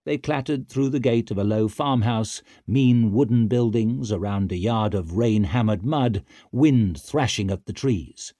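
A man narrating an audiobook in an expressive, dramatic storytelling manner. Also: on the low side, a little slow, hardly any pauses, dry recording. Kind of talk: scripted narration.

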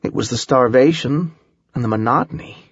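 A man's voice: medium pitch, a little fast, breathy edge, no echo, muffled recording. A man voicing a tough, sarcastic young woman survivor in an audiobook, blunt and wisecracking. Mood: grim.

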